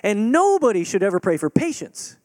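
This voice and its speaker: Male pastor mid-sermon: high, very expressive voice, dry close sound, earnest, drops to a hush for effect. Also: a little fast, dry recording. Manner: swings between loud urging and hushed, near-whispered stretches; earnest, direct appeals to the congregation.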